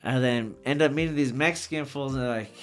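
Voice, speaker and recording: A man from the Socorro area guests on a podcast, telling casual travel stories full of slang, profanity and animated anecdotes. His mid-range voice is fairly quick, with soft music playing in the background.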